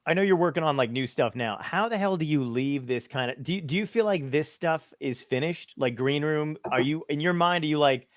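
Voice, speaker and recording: A man's voice: on the high side, fairly quick, hardly any pauses, no echo, studio quality. A man hosting a casual interview, laid-back and chatty, swearing casually as he talks. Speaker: podcast host.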